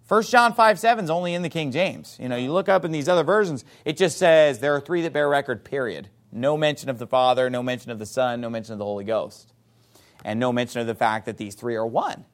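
A man preaching a sermon, reading scripture emphatically and playfully mimicking his opponents in excited voices. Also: medium pitch, quick pace. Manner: reads scripture aloud in a rising, emphatic voice.

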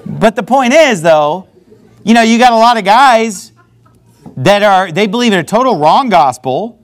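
A man preaching a sermon, talking in an animated way and sometimes mocking other preachers. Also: high voice, normal speed. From not from the American South.

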